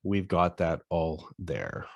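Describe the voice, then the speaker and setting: A man's voice: sits low, expressive, takes it slowly, vocal fry, no room sound, lo-fi sound. A man from Eastern Ontario co-hosting a casual golf podcast, explaining the news in an easygoing, informed way. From Eastern Ontario, Canada. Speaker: podcast co-host.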